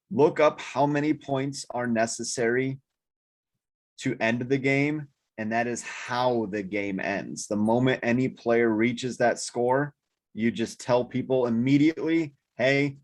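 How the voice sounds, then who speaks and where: Tired man, casual board game chat, steady explainer, mid pitch. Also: unhurried. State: sleepy, yawning. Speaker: board game group member. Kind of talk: casual group discussion.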